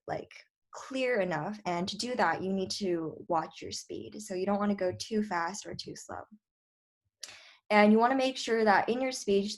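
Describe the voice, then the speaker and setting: A young woman debate coach giving a casual lecture, full of fillers like "like" and "um". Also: on the low side. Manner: chatty, filler-heavy, lots of "like" and "um".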